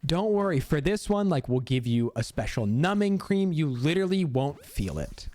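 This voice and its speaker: A woman's voice: deep voice, very animated, normal speed, darkish tone, dry recording. A man putting on the voice of a woman at a dental office, soothing and matter-of-fact.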